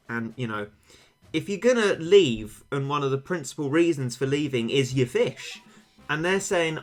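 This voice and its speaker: Animated and on the high side, he talks at a measured pace to his stream viewers over soft background music and faint game sound. His humour is dry and self-mocking, his chat rambling, picked up close by a failing desk mic angled his way.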